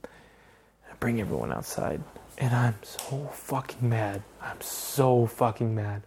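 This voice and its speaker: A man's voice: medium pitch, lively intonation, slow, darkish tone, a little hiss or hum. A young man hosting a casual chat podcast, telling a story in a heated, profane way. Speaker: podcast host.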